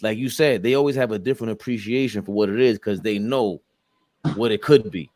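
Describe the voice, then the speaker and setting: A man's voice: lowish voice, a little fast, darkish tone, no room sound, clean studio sound. A man in a casual podcast chat, speaking reflectively and agreeably, with some hesitation and fillers.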